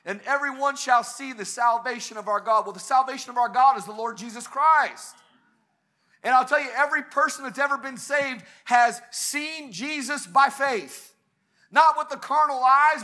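A man's voice: extremely high pitch, normal speed, bright, forceful tone. A man preaching a sermon at a church service, fervent and building to emphatic peaks.

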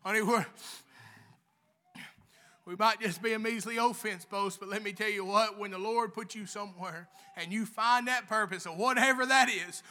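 A man preaching a fervent sermon in church, repeating "honey" over and over and rising into shouts. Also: very high-pitched, fairly even intonation, normal speed. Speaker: lay preacher.

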